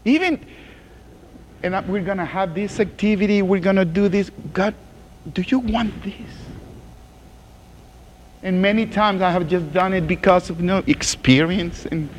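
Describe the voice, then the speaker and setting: A man preaching as a pastor, reading scripture slowly and dropping to a hushed groan in prayer. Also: high voice, big-room sound, a little hiss or hum. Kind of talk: sermon.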